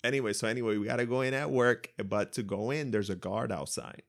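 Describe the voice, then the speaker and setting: A man's voice: medium pitch, fast, vocal fry. A man, chatting in a laid-back way and slipping into Spanish. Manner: laid-back, mixes Spanish, laughs often. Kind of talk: casual chat.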